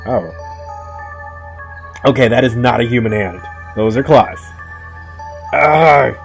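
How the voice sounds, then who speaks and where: A man's voice: medium pitch, animated, slow, vocal fry, soft background music. A young man playing a horror game, reading the story aloud and cracking casual jokes between lines. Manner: casual, joking asides between dramatic read-outs. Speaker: gamer. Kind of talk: let's play commentary, reading game text aloud.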